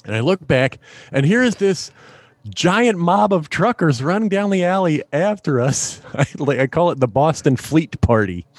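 A middle-aged comedian man tells a story with a lively voice that swings up and down in pitch. He laughs often and acts out voices. The sound is dry and close to the mic. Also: moderate pace, no room sound. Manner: animated anecdote-telling, laughs often, acts out voices in quotes. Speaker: stand-up comedian, guest. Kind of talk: storytelling in a podcast interview.

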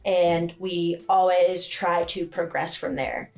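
A woman strength coach explaining her gym's training in a relaxed podcast chat. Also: on the low side, slow, faint music behind. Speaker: gym owner and strength coach.

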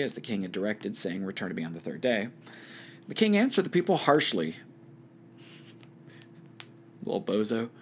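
A man leading a Bible study, reading scripture aloud and adding casual commentary. He talks in a relaxed, conversational way with wry offhand asides. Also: medium pitch, husky.

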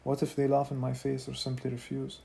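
A man voicing a blunt, proud warrior leader with a gruff, commanding way of speaking. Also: mid-range voice, completely flat delivery, brisk, dark tone, a little hiss or hum, close to an everyday voice.

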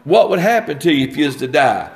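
A man's voice: a little high, very animated, fast talker. A man preaching a sermon, stumbling and repeating words as he reads scripture and explains it.

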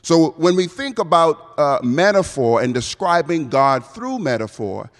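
A man's voice: fairly high pitch, sing-song, measured pace. Male pastoral preacher, semi-Bahamian American accent, conversational sermon, reverberant church hall. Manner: conversational, asks the congregation questions. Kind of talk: evening sermon.

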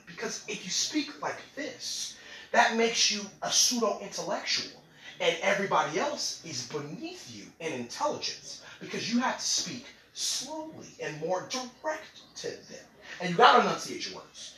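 Animated joking male podcast host. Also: sits high, moderate pace. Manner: animated, joking, slangy, laughs often. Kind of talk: comic monologue. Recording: roomy, away from mic.

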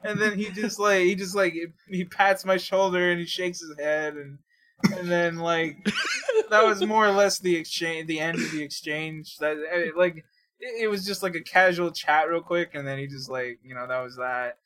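A man's voice: on the high side, fairly even intonation, moderate pace, a bit bright. A young man chatting casually on a podcast, telling a story from work in a rambling way with lots of fillers and restarts, laughing often. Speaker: podcast co-host.

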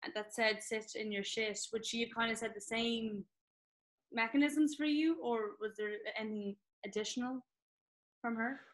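A woman's voice: fairly high pitch, steady tone, normal speed, rough recording. An Irish woman hosting a podcast interview, easygoing, with casual swearing. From Ireland. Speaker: podcast host.

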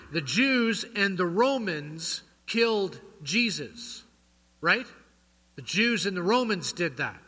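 Bright-voiced male pastor in echoing church. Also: sits high. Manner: quizzes the congregation with rhetorical questions. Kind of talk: sermon. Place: church sanctuary. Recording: long church hall reverb.

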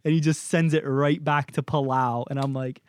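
A man's voice: mid-range voice, normal speed, smooth, no room sound. A young man from Canada co-hosting a podcast, telling a story in a loose, profane way and acting out what others said. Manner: animated, profane, acts out quoted exchanges. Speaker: podcast co-host.

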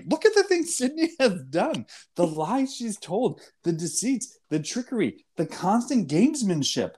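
A man's voice: high voice, sing-song, a little slow, hardly any pauses, darkish tone, husky. A man co-hosting a casual TV recap podcast, arguing his reading of the characters methodically, point by point. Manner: argumentative, lays out points step by step. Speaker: podcast co-host.

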